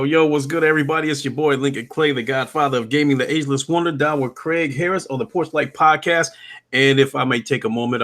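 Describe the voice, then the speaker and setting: A man's voice: medium pitch, pushed and bright. Male podcast guest with a mid-range voice, playful, hams up his own introduction. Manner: playful, mock-grand self-introduction. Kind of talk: casual live-stream chat.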